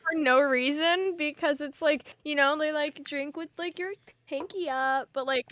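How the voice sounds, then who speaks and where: A woman's voice: high-pitched, moderate pace, a bit bright, no echo. A woman hosting a casual late-night podcast chat, rambling with lots of fillers and laughter.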